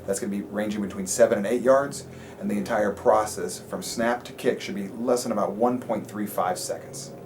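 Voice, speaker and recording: A man's voice: lowish voice, steady tone, moderate pace. Matter-of-fact man explaining a technique. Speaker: long snapping instructor.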